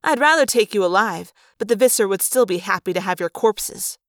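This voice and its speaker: A woman's voice: mid-range voice, animated, fairly quick, a bit bright, no echo, clean studio sound. A woman reading aloud, voicing a tense middle-aged woman who commands troops in a clipped, snapping manner. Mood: cold threat. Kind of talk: fan audiobook reading.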